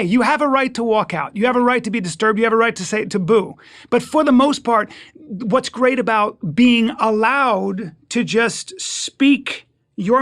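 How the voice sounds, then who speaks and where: A man with a fairly high, rough, fry-laced voice talks as a guest comedian in a relaxed interview. He is emphatic and joking, swinging between loud punches and hushed asides. The sound is close and dry, with no room around it. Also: no echo. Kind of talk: casual interview talk.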